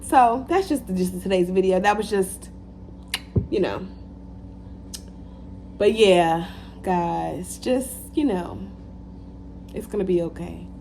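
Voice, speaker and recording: Woman vlogger, animated motivational talk, repeats lines for emphasis, faint hum behind. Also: fairly low pitch, slow, vocal fry, long pauses. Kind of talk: casual motivational talk to camera.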